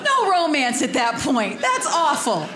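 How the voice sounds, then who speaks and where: Brief: fifties woman comic, high voice, lively storytelling, roomy hall, audience laughing. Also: a little slow. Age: 50s. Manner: animated, storytelling. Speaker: stand-up comedian. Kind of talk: stand-up comedy. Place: theater stage. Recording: echoey hall with crowd.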